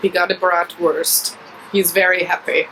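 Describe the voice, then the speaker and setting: A woman's voice: on the low side, flat delivery, measured pace, sharp tone, a little hiss or hum, rough recording. A woman vlogging in a casual, chatty way at an outdoor flea market, talking to the camera she holds and laughing easily. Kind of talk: casual chat.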